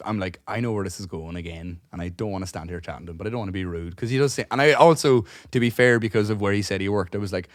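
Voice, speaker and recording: A man's voice: fairly low pitch, racing, hardly any pauses, no echo, studio quality. A man, co-hosting a podcast, rambling through a long anecdote, swearing freely and acting out the other people's lines. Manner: rambling, swears a lot, acts out dialogue; restarts and trails off while telling stories. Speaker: podcast co-host. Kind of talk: casual chat, long anecdote.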